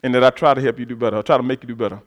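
A man preaching a sermon to a congregation, moving between quiet conversational asides and loud shouted stretches, calling for the crowd's responses. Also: medium pitch, fairly even intonation, very fast. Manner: talks directly to the congregation with call-and-response prompts. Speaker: pastor.

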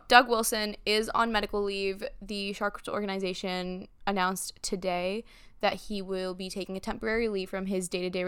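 A woman co-hosting a casual sports podcast, chatty and animated, laughing easily. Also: medium pitch, clear, resonant tone, dry recording, studio quality. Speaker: podcast co-host.

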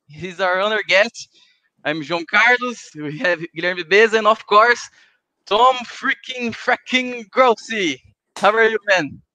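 A cheerful man hosting a podcast, chatting casually and repeating himself for emphasis. His voice is high and bright, recorded close and dry. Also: dry recording, muffled recording. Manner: cheerful, laughs often, repeats phrases. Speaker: podcast host.

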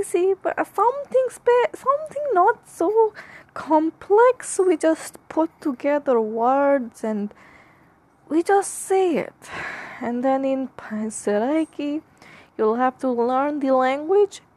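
Punjabi lady podcasting in a put-on accent, high swooping voice, slow and rambling. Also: darkish tone. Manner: theatrical put-on foreign accent; musing, drifting between jokes and philosophy. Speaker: podcast host. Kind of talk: rambling comic monologue.

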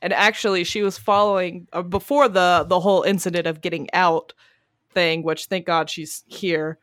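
A woman co-host spinning a casual, animated story and swearing freely as she goes. Her voice sits a bit low, recorded dry and close with no room sound. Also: normal speed, no room sound. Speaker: podcast co-host. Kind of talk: casual chat. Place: home garage studio.

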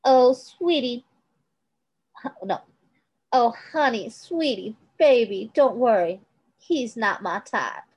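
A woman voicing a cruel, mocking villainess with syrupy, drawn-out endearments in an amateur fan-fiction reading. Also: a little high, expressive, a little mellow, breathy edge, muffled recording, voice pushed up, full character voice. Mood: mocking sweet. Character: menacing sweet-talking villainess, cruel and mocking.

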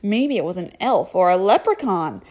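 A woman's voice: fairly low pitch, sing-song, moderate pace, a little mellow. Woman voicing Michael, a smug older brother. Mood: teasing. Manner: superior, needling.

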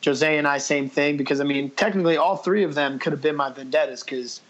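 Brash guy on a podcast, kinda high voice, cusses a lot, keeps going "i was like". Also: brisk, a bit bright, lo-fi sound. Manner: profane, quotes himself with "I was like"; blunt and brash. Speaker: podcast guest. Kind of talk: casual interview storytelling.

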